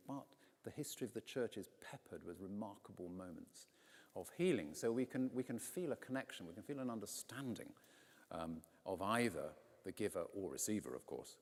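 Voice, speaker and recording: A man, a vicar, preaching a conversational sermon from a pulpit, telling the story with lively quoted voices. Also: deep voice. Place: large stone church, in a pulpit. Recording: long church reverb.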